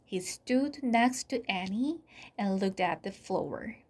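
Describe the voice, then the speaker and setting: Slow, soft storybook reader. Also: female voice, medium pitch, lively intonation. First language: Korean. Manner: soft, often dropping to a whisper. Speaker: channel host reading aloud. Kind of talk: slow read-aloud storybook narration.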